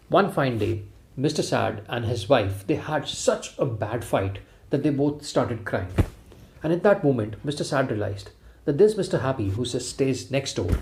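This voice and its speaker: A man's voice: medium pitch, a little mellow, slight background noise. A man giving a motivational talk, telling a story and speaking emphatically to his listeners. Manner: emphatic, addresses listeners directly. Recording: echoey room.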